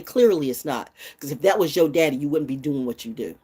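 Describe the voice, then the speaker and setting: A woman's voice: animated, a little fast, darkish tone, slightly rough. Blunt profane woman in her sixties. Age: 60s. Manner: blunt and profane, swinging from low mutters to high outbursts. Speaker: vlogger. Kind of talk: unscripted rant to camera.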